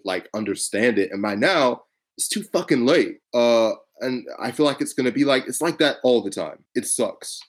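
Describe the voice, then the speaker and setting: A man's voice: mid-range voice, normal speed. A man co-hosting a podcast, telling stories animatedly and swearing freely. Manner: animated, profane, storytelling with voiced quotes. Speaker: podcast co-host. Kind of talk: casual political chat.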